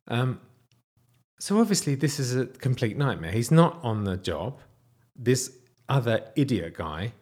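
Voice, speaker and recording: A man in his thirties casually telling a personal story, animated, sometimes dropping to a whisper. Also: measured pace, breathy edge. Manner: animated, wide swings in pitch and loudness, drops to whispers.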